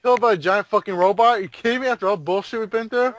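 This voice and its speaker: A man's voice: high-pitched, racing, poor audio. A young man giving live co-op gameplay commentary, bossy and profane in his banter with friends. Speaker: gamer.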